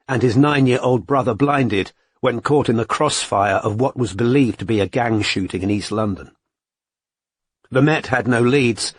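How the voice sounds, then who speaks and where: Husky male narrator, dry close sound, even audiobook reading. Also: mid-range voice, no echo. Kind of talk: scripted narration.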